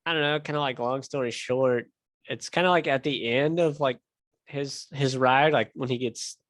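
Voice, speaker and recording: A young man tells a long story in loose casual chat, swearing freely and leaning on fillers. His voice sits at an ordinary pitch. The sound is dry and close, with almost no room in it. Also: normal speed, dry recording. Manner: rambling, profane, filler-heavy storytelling. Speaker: podcast host.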